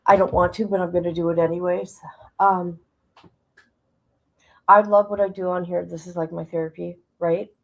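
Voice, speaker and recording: A woman's voice: on the low side, level tone, normal speed, gravelly, long pauses, poor audio. A woman hosting a casual livestream from home on her phone, rambling and emotional as she talks to her chat. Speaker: livestream host.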